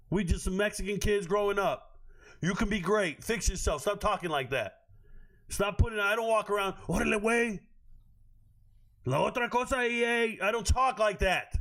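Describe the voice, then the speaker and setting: A man's voice: high voice, fairly bright tone. A man hosting a live stream, ranting at his chat in a brash, profane, confrontational way.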